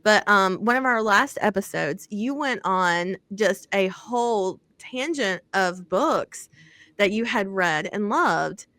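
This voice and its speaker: A woman's voice: mid-range voice, lively intonation, slow, pushed and bright, no room sound. A young woman co-hosting a podcast in casual chat, chatty and giggly, tripping over words as she reads an author bio. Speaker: podcast co-host.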